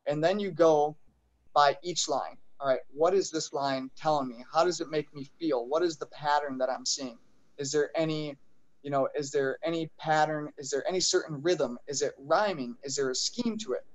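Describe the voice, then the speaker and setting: A man's voice: on the high side, normal speed, poor audio. A man taking part as a guest in a casual talk show, thinking aloud with many fillers. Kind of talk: casual chat.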